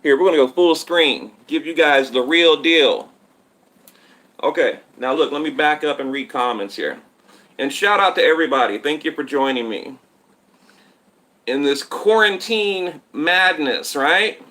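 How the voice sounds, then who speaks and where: A man's voice: fairly high pitch, lively intonation, unhurried, bright, forceful tone. A man hosting a boxing channel live stream, chatting casually and rambling to his viewers while reading their comments from a tablet at home. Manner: rambling, talks straight to viewers, reads comments. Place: home setup in Texas.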